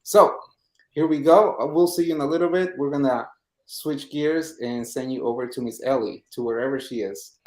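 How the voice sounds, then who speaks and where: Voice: medium pitch, normal speed, a little mellow, roomy sound. A co-host in casual live-stream chat who introduces segments and events in an easygoing, somewhat hesitant way.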